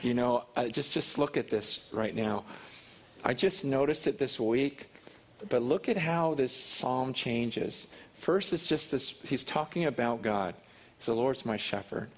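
A man preaching a sermon in a church, reading scripture slowly and then praying earnestly, often repeating words as he gets excited. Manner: earnest, repeats words, rises in pitch and force when excited. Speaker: pastor. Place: church hall with a congregation.

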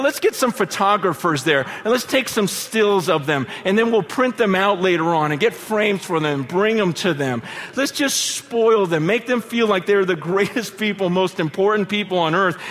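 Animated high-voiced preacher man. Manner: animated, swings between excited outbursts and hushed earnest lows; conversational, rambling with many asides. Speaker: pastor. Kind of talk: sermon storytelling.

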